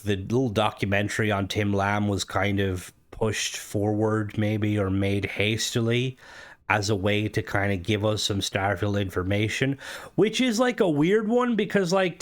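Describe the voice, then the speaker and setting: A young man with a somewhat low voice talks through gaming news in a relaxed, unscripted way. He rambles and meanders, pausing to hesitate and restart his sentences as he thinks aloud like a streamer chatting to viewers. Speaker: gaming content creator and streamer. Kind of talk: casual gaming news commentary.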